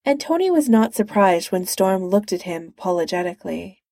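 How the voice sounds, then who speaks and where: A woman reading a superhero story aloud with even, unhurried narration. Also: medium pitch, no room sound, clean studio sound. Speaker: reader. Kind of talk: reading fan fiction aloud.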